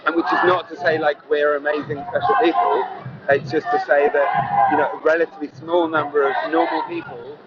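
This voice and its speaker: Activist man, earnest and rambling, slightly high voice, interviewed outdoors over loud street noise. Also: little pitch movement, a little fast, lo-fi sound, a loud crowd. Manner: earnest, rambling, heavy use of "you know". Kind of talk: street interview at a protest march.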